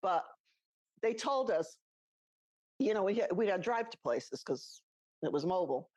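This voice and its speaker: A middle-aged woman co-hosts a podcast, sharing personal stories in a chatty way, laughing and imitating the voices of people she quotes. Her lowish voice is animated and darkish in tone, delivered at a normal speed with no echo.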